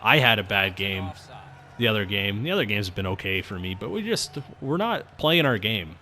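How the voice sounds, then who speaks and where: Bright-voiced man rambling over gameplay. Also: on the low side, moderate pace, a little hiss or hum. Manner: rambling, chatty, bursts of excitement at saves. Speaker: gaming commentator. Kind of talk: casual gameplay commentary.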